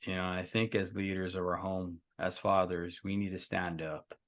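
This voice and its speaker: A man's voice: sits low, level tone, moderate pace. A man hosting a podcast, talking in an earnest, emphatic way and telling stories in a casual conversation. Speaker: podcast host.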